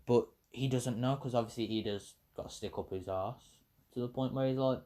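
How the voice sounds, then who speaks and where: Man, casual fan storytelling, rambling, self-correcting, mid pitch. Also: level tone, fairly quick, darkish tone. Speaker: YouTuber telling a fan story.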